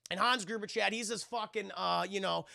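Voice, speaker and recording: Gravelly high-voiced male streamer. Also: normal speed, sharp tone, dry recording, clean studio sound. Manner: profane, rambling, constantly addressing the chat. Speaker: film reviewer and streamer. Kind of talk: casual scene-by-scene film recap to a live chat.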